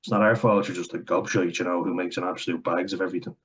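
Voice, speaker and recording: A man's voice: low voice, steady tone, fast, a bit bright, a little hiss or hum. An Irish man talking bluntly and profanely in a casual, sardonic opinion rant for his vlog. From Ireland. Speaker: vlogger.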